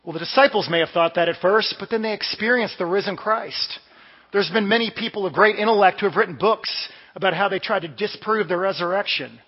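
High-sitting and brisk, this pastor's voice carries a sermon told like a conversation full of stories. He's from the Washington DC area, and the audio is dull with a long, echoing hall reverb.

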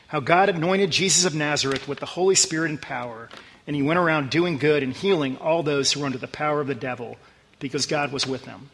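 A pastor preaches a sermon in an earnest, conversational way, dropping his voice low and quiet when he reads scripture verses. The recording has a big-room sound.

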